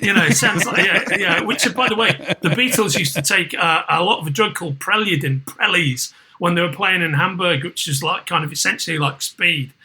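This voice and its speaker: A middle-aged man with a Liverpool accent talks in a loose, rambling way, circling back and restarting his sentences. His voice sits fairly high and sounds bright and tense. He swears freely in casual podcast chat. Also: brisk, few pauses, a little hiss or hum, low-quality recording. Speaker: podcast host.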